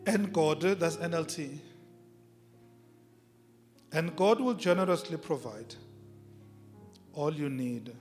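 A man's voice: fairly high pitch, slow, long pauses, a little mellow. A male pastor preaching a sermon with emphasis, repeating key phrases and drawing out words. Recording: long reverb of a large hall, faint music.

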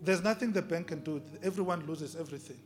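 Speaking fast in a slightly high voice, a male pastor delivers an emphatic sermon, repeating key phrases and stretching out words. The long reverb of a large hall and faint music fill the recording.

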